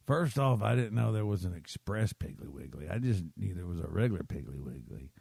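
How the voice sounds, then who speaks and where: Man, podcast host, low gravelly voice, dry close sound, chatty rambling story. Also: lively intonation, a little fast, few pauses, a little mellow, dry recording. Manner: chatty, keeps checking in with listeners; self-deprecating.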